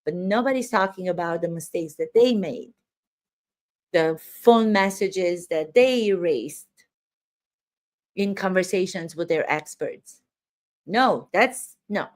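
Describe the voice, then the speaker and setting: A woman's voice: on the low side, lively intonation, takes it slowly, long pauses. A woman acting teacher commenting on court footage, stressing words emphatically as she talks.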